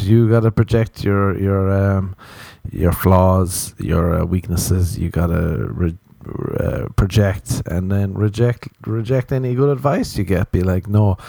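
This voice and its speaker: A man's voice: deep voice, unhurried, vocal fry, mellow, no echo. A young Irish man hosting a podcast, telling crude, jokey, rambling comic stories. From Ireland. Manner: crude, jokey, tangential storytelling. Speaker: podcast host. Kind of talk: rambling comedic monologue.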